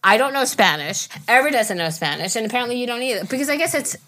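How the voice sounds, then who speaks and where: Lively rambling woman podcast host. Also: fairly high pitch, fast talker. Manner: lively, rambling, profane storytelling. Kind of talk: casual chat.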